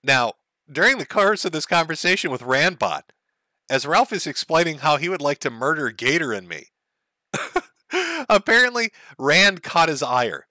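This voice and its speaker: A man's voice: fairly high pitch, very animated, measured pace, bright, forceful tone, no echo. Man mocking clips on a livestream. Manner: sarcastic, laughing, profane. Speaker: streamer host.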